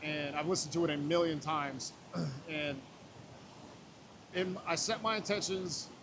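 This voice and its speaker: A man's voice: on the high side, unhurried, noisy background. A man in his thirties, a podcast guest, telling a personal story in casual talk, raw and emotional and swearing freely. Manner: raw, emotional, swears often, retells scenes with quoted voices.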